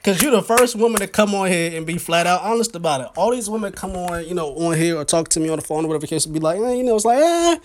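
High-voiced guy hosting a podcast, aave, laughing and teasing a lot. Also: fast, hardly any pauses, slight background noise. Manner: laughs often, animated and teasing. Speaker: podcast host. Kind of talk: casual chat.

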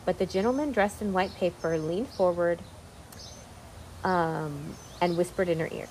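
A woman reading a children's classic aloud, pausing with ums to explain old words. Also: lowish voice, darkish tone, slight background noise. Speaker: reader.

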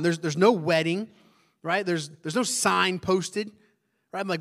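A male pastor, preaching in a loud, conversational way that keeps asking the congregation questions and drops into hushed tones for emphasis. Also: fairly high pitch, expressive, fast talker. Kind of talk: conversational sermon.

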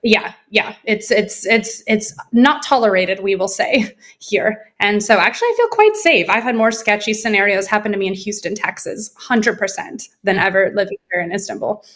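Woman guest from the US, lively storyteller who acts out quoted dialogue, casual interview. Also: mid-range voice, moderate pace, hardly any pauses.

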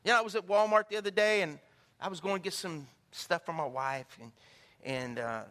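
A preacher telling stories in a sermon, calling out to the congregation and acting out the people in them. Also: male voice, high voice, a little fast. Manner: animated, calls out to the congregation, acts out the people in his stories. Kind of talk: sermon with storytelling. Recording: echoey hall with long reverb.

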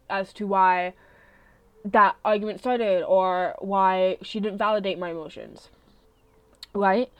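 A woman's voice: medium pitch, no room sound. A young adult woman hosting a podcast, telling a personal story in a casual, candid way, swearing freely and often checking in with "right?". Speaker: podcast host. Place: bedroom with open window.

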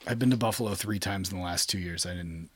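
A man's voice: deep voice, fast talker, noisy background. A man co-hosting a podcast, blunt and swearing casually in a casual chat. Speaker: podcast co-host.

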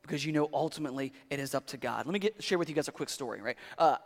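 A male pastor preaching a sermon in a conversational, animated storytelling way, swinging from loud to quiet. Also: a little high, racing. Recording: long hall reverb.

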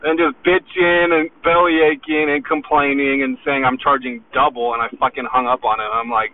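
A man's voice: medium pitch, flat delivery, normal speed, few pauses, a little hiss or hum. Agitated man ranting through tinny audio. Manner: aggressive, agitated, swearing constantly. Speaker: fitness equipment seller. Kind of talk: profane motivational rant.

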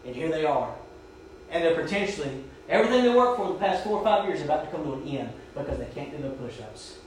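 Preacher in an echoey church. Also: male voice, a little high, sing-song, fast talker, far from the mic, slight background noise. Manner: storytelling, shouting quoted drill commands. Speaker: pastor. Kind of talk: sermon. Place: church sanctuary.

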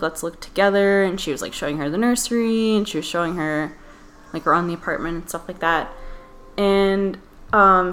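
A woman's voice: fairly low pitch, fairly bright tone. A woman co-hosting a podcast, retelling a story in casual chat with lots of fillers. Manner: chatty storyteller, many fillers like "like" and "um". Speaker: podcast co-host.

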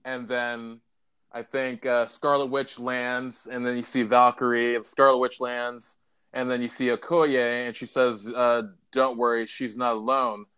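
A man with a smooth, resonant voice talks in a loose podcast chat. He swears freely and retells scenes with feeling, often quoting lines. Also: mid-range voice, flat delivery, unhurried, a bit bright. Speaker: podcast co-host. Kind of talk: casual chat.

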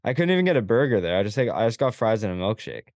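Lively guy telling stories. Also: on the low side, racing, dry recording, clean studio sound. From Canada. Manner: animated storytelling, acting out quoted dialogue, frequent swearing. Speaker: podcast co-host. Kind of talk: casual chat.

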